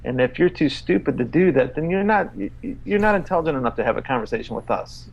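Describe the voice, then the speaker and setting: A man's voice: a little high, expressive, gravelly. A man co-hosts a casual podcast, reading aloud with weary exasperation and plenty of swearing. He halts and restarts, with lots of fillers. The recording is dull and lo-fi. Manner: exasperated, profane, halting with fillers. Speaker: podcast co-host.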